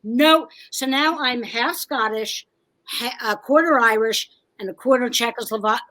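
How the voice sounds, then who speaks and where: A woman's voice: a little high, sharp tone, rough recording. A comedian and writer from New Jersey, a woman, telling wry family stories as an interview guest. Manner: wry storyteller, quick jokes. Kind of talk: casual interview chat.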